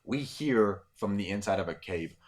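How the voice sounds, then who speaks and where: Deep-voiced man running a tabletop game. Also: animated, moderate pace. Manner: casual, rambling, with many fillers. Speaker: game master.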